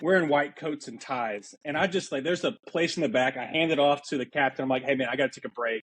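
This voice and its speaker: A man's voice: medium pitch, quick pace, fairly bright tone, a little hiss or hum. A man hosting a podcast and telling a vivid, self-mocking story from his waiter days in a casual chat. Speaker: podcast host.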